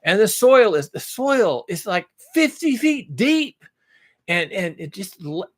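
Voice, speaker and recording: Man, higher pitch, rambling monologue, blunt, repetitive. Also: sing-song, slow pace. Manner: rambling, repeats himself, lists things at length; blunt, swears now and then. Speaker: vlogger.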